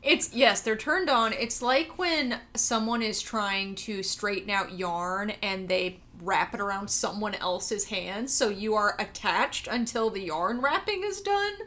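A woman's voice: mid-range voice, lively intonation, a little slow, few pauses, pushed and bright. A woman co-hosting a casual podcast about a film, wry and playful, often cutting in with her own takes. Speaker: podcast co-host. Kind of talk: casual film-discussion chat.

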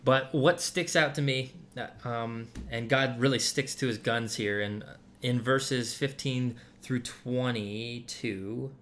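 A man's voice: mid-range voice, fairly even intonation, slow pace, few pauses, fairly bright tone, slight background noise. A man giving casual Bible teaching to a group, talking loosely with many fillers and restarts.

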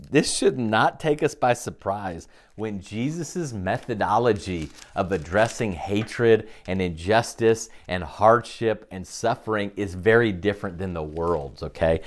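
A man preaching a sermon as pastor, talking conversationally, tagging many lines with "okay?" and acting out quoted voices with jumps in pitch. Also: a little mellow.

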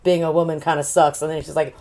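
A woman's voice: deep voice, level tone, fast, warm tone. A woman in casual chat, retelling a story and acting out the characters in quoted voices. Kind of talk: casual podcast chat recapping a novel.

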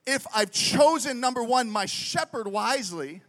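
A young adult man preaching a sermon in an animated, conversational way, telling stories and often asking "right?". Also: very high-pitched, normal speed. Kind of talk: sermon with storytelling.

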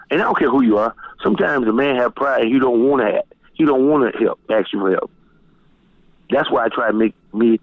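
A middle-aged man from Florida, telling stories as a guest DJ in a loose, profane, animated way. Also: dry recording. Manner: animated, profane, jumps high when quoting people. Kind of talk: casual storytelling interview. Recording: tinny phone-line sound, dry.

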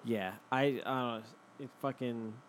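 Profane, animated male podcast storyteller. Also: medium pitch, measured pace. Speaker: podcast host. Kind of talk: casual chat.

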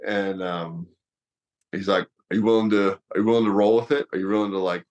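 A man's voice: on the low side, steady tone, brisk, darkish tone, dull audio. A man in his thirties, a former wrestler and fighter, telling a long story casually with many fillers. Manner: rambling, lots of fillers, laughs through story.

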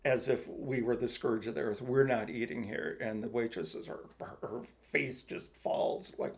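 A man co-hosts a casual podcast and tells a personal story in a halting way. He often restarts his sentences, and his voice sits at an ordinary middle pitch. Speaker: podcast co-host.

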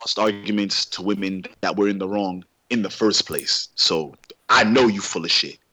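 A man's voice: fairly low pitch, normal speed, bright, forceful tone, dry recording. A man co-hosting a podcast, pushing back skeptically and incredulously in casual banter. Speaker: podcast co-host.

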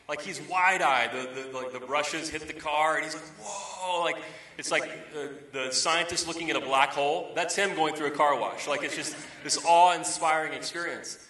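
A man's voice: a little high, sharp tone. A man in his thirties preaching a sermon, telling everyday stories in a conversational way and driving points home with emphatic repetition. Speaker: pastor. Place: church sanctuary. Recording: roomy, distant from the mic.

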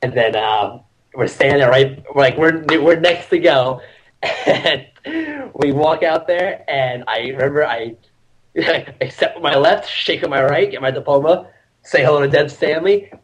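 A young man in his twenties, a podcast guest, chatting casually and telling lively stories full of laughter and shouted quotes. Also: a little high, unhurried, a little hiss or hum, rough recording. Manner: animated storyteller, laughs often, acts out shouted quotes. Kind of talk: casual chat.

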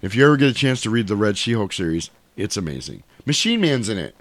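Casual podcast host, a man, swearing freely as he retells a film; lively swings in pitch, dry close sound. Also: quick pace, no echo. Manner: animated, profane storytelling. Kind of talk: casual movie recap chat.

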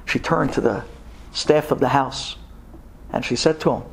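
A man telling a dramatic story in an animated way, dropping in Hebrew words. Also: mid-range voice, moderate pace, creaky, slightly rough.

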